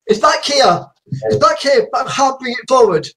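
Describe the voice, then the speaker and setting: High-voiced chatty man. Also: expressive, moderate pace, a bit bright. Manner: rambling, chatty, laughs often. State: slightly croaky. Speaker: host. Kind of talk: casual video chat.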